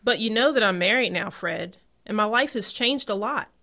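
A woman's voice: mid-range voice, lively intonation, bright, forceful tone. A woman playing a nervous young wife who stammers and hesitates on a phone call, in a radio-style drama. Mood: nervous tender. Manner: anxious, halting, stammering.

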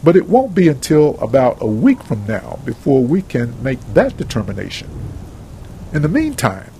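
A man voicing a calm male hospital doctor who speaks in a measured, formal way. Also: mid-range voice, gravelly, slight background noise, pitched below the performer's own voice, poor audio. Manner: measured, formal bedside manner.

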